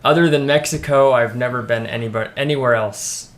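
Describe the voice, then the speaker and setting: A young man from the United States, a friend of the host, chatting casually and pausing often with ums and restarts. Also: mid-range voice, fairly bright tone. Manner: hesitant, many ums and restarts. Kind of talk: casual chat.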